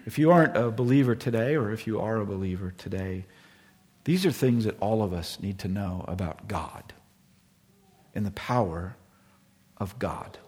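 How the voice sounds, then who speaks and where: A middle-aged man preaching a sermon as pastor, earnest and sometimes dropping to a hushed, solemn tone. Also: lowish voice, animated, normal speed, breathy edge, long reverb tail.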